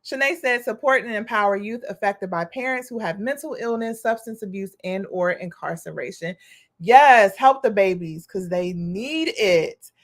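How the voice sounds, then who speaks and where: A nonprofit coach, a young adult woman, runs a livestream in a medium-pitched voice at normal speed. She talks straight to viewers as "y'all," spirited and preachy, reading their comments aloud and encouraging them.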